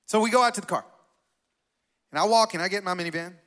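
A man preaching a sermon in a conversational, animated way, telling a personal story and asking the congregation questions. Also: sits high, quick pace. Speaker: pastor.

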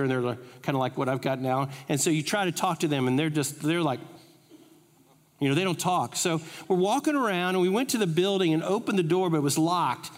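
Pastor guy, funny storytelling sermon, bit high voice, long echo in a church hall. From United States. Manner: animated, humorous storytelling. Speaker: preacher. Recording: reverberant hall.

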